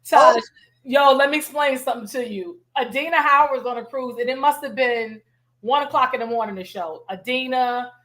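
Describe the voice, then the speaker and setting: A woman hosts a casual interview in a fairly high voice. She talks with enthusiasm and slang and tells her stories with gusto. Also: moderate pace, a bit bright. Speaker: host. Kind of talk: casual chat.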